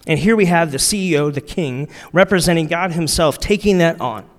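A man preaching a sermon in a relaxed, conversational way, using slang and repeating his key lines for emphasis. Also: on the high side, a little fast. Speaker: pastor. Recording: long reverb of a large hall.

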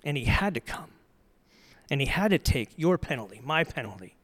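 A middle-aged male pastor preaching a sermon, telling the story earnestly, swinging from loud emphasis to soft, quiet passages. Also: medium pitch, big pitch swings, normal speed.

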